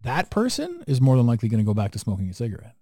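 A man's voice: mid-range voice, wildly swooping pitch, rapid-fire, warm tone, no echo, clean studio sound. Blunt, swearing male podcast host. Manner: blunt, profane, emphatic and preachy. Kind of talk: casual podcast conversation.

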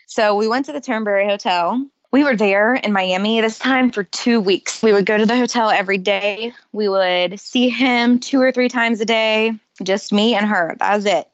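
A woman telling personal stories as a guest in a casual interview, lively and often laughing. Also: medium pitch, no echo, lo-fi sound.

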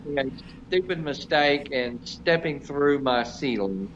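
A man's voice: mid-range voice, animated, measured pace, fairly bright tone. A middle-aged man telling a self-deprecating story in casual chat, rambling with many fillers. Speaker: show regular. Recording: slightly dull, faint noise.

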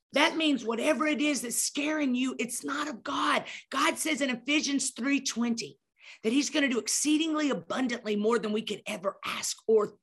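A middle-aged woman, a guest speaker on a podcast, tells an animated story with emphatic, preacherly energy, acting out scenes as she goes. Her voice sits high and is slightly rough.

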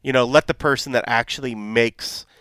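Man, podcast co-host, casual chat, swears a lot, bright sound, smooth clear voice. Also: mid-range voice, moderate pace, no echo. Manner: profane, laid-back, laughing often.

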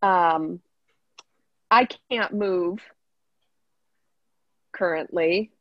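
A woman improvising a tabletop role-play character, playful and quick to laugh. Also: on the low side, no room sound, lo-fi sound. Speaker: player.

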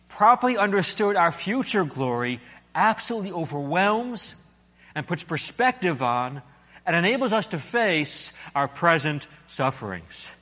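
A male preacher delivering a sermon with lively storytelling. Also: fairly high pitch, normal speed. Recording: echoey hall.

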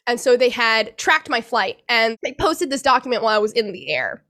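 Bright-voiced young woman telling a hard story. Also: on the high side, expressive. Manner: emotional, halting, many restarts and swearing. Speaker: guest. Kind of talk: personal account in a podcast interview.

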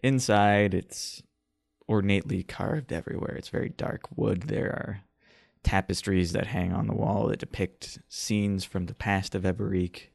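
A man's voice: fairly low pitch, steady tone, normal speed, gravelly, darkish tone, dry recording. A man narrating as game master of a tabletop role-playing game, describing scenes in a dry, descriptive way.

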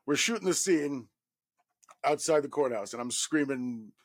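A man in his thirties from New York, a guest actor telling a profane, animated story full of fillers. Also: mid-range voice, measured pace. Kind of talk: casual anecdote telling.

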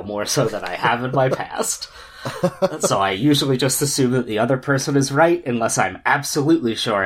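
A man's voice: medium pitch, breathy edge. A man co-hosting a casual pop-culture chat, rambling and laughing often. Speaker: podcast co-host.

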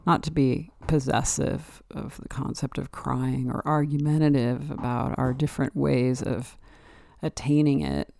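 Podcast host, woman, musing solo monologue, gravelly voice, dry close mic. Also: very deep voice, measured pace, dark tone, dry recording. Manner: rambling and reflective, with many "like" and "you know" fillers.

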